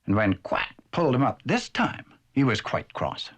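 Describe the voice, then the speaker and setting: Playful male storybook narrator for a vintage cartoon; husky, highly animated. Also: normal speed.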